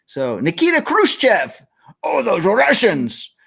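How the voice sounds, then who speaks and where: A man's voice: high voice, wildly swooping pitch, takes it slowly, gravelly, a bit bright, slightly rough. Jokey guy hosting a morning talk show, rambly, voice all over the place. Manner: jokey, rambling, laughs often. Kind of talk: casual morning show chat.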